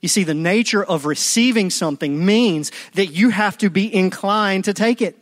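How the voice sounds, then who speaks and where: A preacher man with a slightly high voice, delivering a sermon with big swings between quiet, intimate moments and loud, pleading ones. He acts out prayers in other people's voices. The sound is dry and close, with no room around it. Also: normal speed, no room sound. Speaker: pastor.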